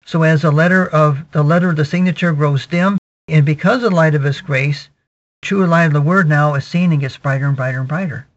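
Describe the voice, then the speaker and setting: Higher-pitched male preacher on a dull recording. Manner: measured teaching, peppered with "okay" and repetitions. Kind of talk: sermon, verse-by-verse Bible exposition.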